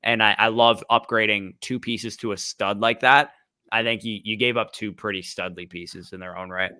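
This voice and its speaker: A young man with a lowish but bright voice co-hosts a live stream. He talks in a relaxed, offhand way and agrees easily. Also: moderate pace. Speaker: fantasy football podcast co-host.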